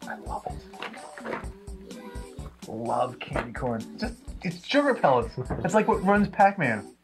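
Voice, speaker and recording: A man's voice: a little high, very animated, a little slow, music in the background. A young man co-hosting a review show, joking and bantering.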